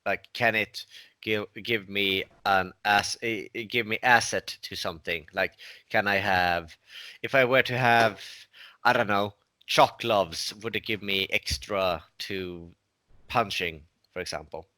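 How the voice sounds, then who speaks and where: A man's voice: lowish voice, pushed and bright, no echo. A man playing a tabletop game, joking around and asking questions about the rules. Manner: joking, asks rapid rule questions. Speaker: player. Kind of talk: casual tabletop game chat.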